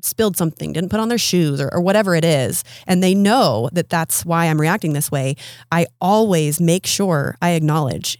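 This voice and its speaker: A woman's voice: lowish voice, normal speed, darkish tone, dry recording, studio quality. A woman in her thirties speaking as a podcast guest, explaining her ideas in an earnest, coaching way. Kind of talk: casual interview conversation.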